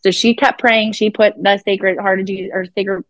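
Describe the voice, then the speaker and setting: On a low-quality recording with no echo, a woman speaks at normal speed in a mid-range voice with fairly even intonation. A psychic guest on an interview podcast, she tells her story with blunt profanity, voicing what people said.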